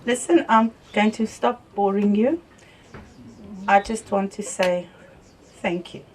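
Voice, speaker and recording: An older woman with a South African accent, telling lively stories at a wake and laughing often through them. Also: medium pitch, slow. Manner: lively storyteller, laughs through tales, softens when thanking people. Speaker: family member speaking at a wake. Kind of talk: anecdotal eulogy storytelling. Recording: voice from far off the mic.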